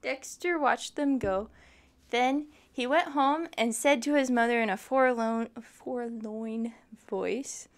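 A woman reading a children's picture book aloud, expressive and adding sympathetic asides. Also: on the high side, slow. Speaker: storytime reader.

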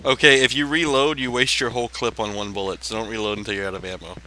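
A man's voice: on the low side, steady tone, quick pace, bright, forceful tone, slight background noise. A man hosting a let's play, giving dry, sarcastic, swear-filled commentary on a horror game into a gaming mic. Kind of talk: casual gameplay commentary.

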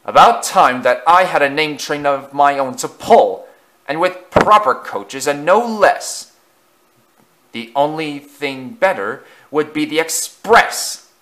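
A man's voice: on the high side, lively intonation, slow, fairly bright tone, pitched above the performer's own voice. A man voicing an arrogant, boastful male steam engine in a storybook reading, with a sneering, haughty manner.

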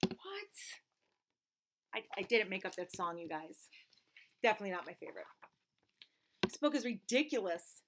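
A woman's voice: medium pitch, lively intonation, fairly quick, long pauses, noisy background. A woman teacher reading a children's book aloud, playful, with exaggerated mock protests and silly sounds.

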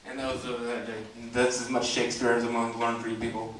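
A man's voice: mid-range voice, little pitch movement, quick pace, hardly any pauses, a bit bright, far from the mic, slight background noise. Rambling Southern man on an echoey stage. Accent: light Southern US twang. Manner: rambling, many fillers, brash. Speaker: stand-up comedian. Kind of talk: open-mic stand-up. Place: comedy club stage. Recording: echoey club heard from afar.

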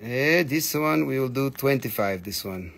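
A man's voice: mid-range voice, expressive, a little slow, vocal fry, fairly bright tone. A man chatting through a live sales stream of crystals, playful and joking, slipping into put-on broken-English voices.

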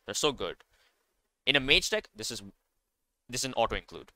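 At medium pitch and normal speed, this card game creator's voice swings widely and has a sharp edge, recorded with no echo. He chats excitedly about the game, wandering off track with lots of fillers and self-corrections.

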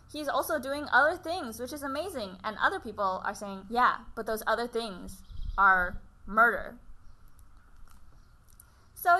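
A woman's voice: fairly high pitch, sharp tone. A woman chatting casually to camera about books. She gushes with enthusiasm and laughs often. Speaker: book vlogger. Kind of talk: casual book chat to camera.

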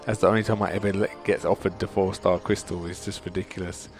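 A man hosting a gaming channel, commenting on opening game crystals, excitable and exasperated, pleading with the game and calling his viewers dudes. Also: deep voice, fast talker, soft background music. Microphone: desktop mic.

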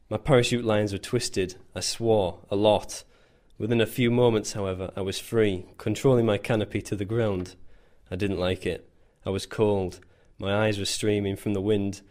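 A man's voice: lowish voice, darkish tone. A man narrating a scripted first-person story in a dry, self-mocking way. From England. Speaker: volunteer soldier.

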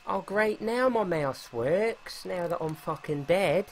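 A man's voice: high voice, slow pace, a little hiss or hum. A man commentating a horror game let's play, panicky, swearing and joking as he plays. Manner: panicky, swearing, jokey and excitable. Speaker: gaming YouTuber.

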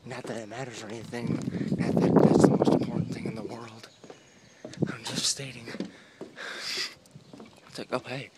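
A man's voice: mid-range voice, normal speed, pauses often. A young man vlogging outdoors on a boardwalk, talking into a phone at arm's length in a rambling, self-mocking way. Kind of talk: casual walking vlog. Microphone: phone held at arm's length. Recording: outdoor phone audio with steady noise.

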